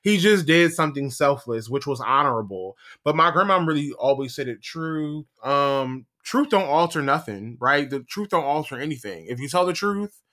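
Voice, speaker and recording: A man's voice: a little high, bright, forceful tone. A man co-hosting a podcast in casual chat, blunt, sassy and freely profane. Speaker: podcast co-host.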